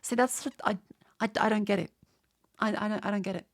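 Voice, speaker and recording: This young woman streamer, Australian-accented and nasal from a cold she's getting over, stutters through a meandering chat with her audience and keeps restarting. Her mid-range voice is steady in tone and brisk.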